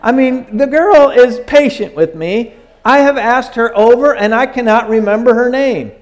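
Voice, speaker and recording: An older man preaching a sermon as pastor, in a repetitive cadence that sinks low and soft at the ends of phrases, turning self-deprecating and lively when he jokes with the congregation. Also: moderate pace.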